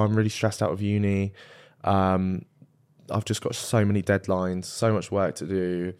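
A man's voice: on the low side, a little mellow. A young man co-hosting a casual podcast, telling a story in a chatty way. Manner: chatty storyteller recounting anecdotes. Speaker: podcast co-host. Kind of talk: casual chat.

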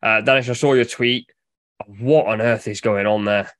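A man's voice: on the low side, moderate pace, no echo. Dry-voiced man hosting a podcast. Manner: steady, presenting, moves the chat along. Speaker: podcast host. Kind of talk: casual football chat.

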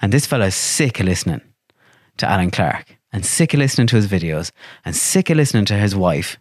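A man with an Irish accent, a podcast guest telling stories in lively, profane casual chat and acting out what people said. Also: fairly low pitch, a little fast, no room sound, studio quality. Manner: animated, swears freely, acts out quotes.

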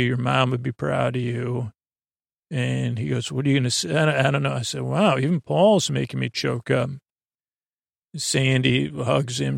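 A man's voice: mid-range voice, creaky, no echo, studio quality. A man hosting a sleep podcast, recapping a show in a casual, rambling way with many hesitant fillers.

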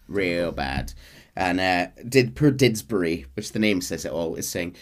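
A man hosting a podcast, casually recapping a game's story in a chatty, animated way. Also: low voice, measured pace. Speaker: podcast host narrating a game story.

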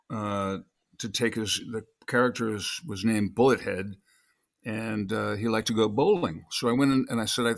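A man's voice: on the low side, vocal fry. An older man, a guest actor, telling long rambling stories in an interview and acting out quoted lines. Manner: storytelling, acts out quotes.

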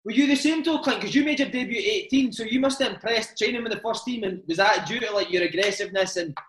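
A man interviewing a former footballer, chatty and bantering with quick follow-up questions. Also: high-pitched, a bit bright, reverberant, rough recording. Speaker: podcast interviewer. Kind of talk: casual interview chat.

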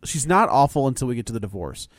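A man chatting casually about films, his voice rising and falling in a lively, animated way as he acts out what characters said. The sound is dry and close, with no room around it. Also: quick pace, no room sound. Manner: animated, acts out quoted voices with big pitch jumps. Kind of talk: casual chat.

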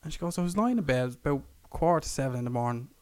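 A young Irishman co-hosting a podcast tells a long story in casual conversation, racing along in an animated, mid-range voice with a smooth, darkish tone. He swears, laughs, and puts on raised voices to act out the people in the story. The recording is dry.

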